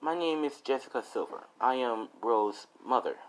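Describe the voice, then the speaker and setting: A man voicing a stern, bossy middle-aged mother, speaking in a hushed, sharp way as he tells a fan story. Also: mid-range voice, moderate pace, lightly acted, poor audio. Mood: polite.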